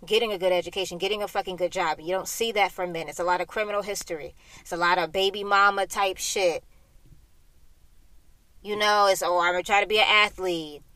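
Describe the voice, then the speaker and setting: A woman's voice: medium pitch, steady tone, brisk, a bit bright, no echo. Young adult woman, solo podcast host, frank and profane rant, recorded in a car. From Florida. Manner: profane, blunt and heated. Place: inside a hot parked car.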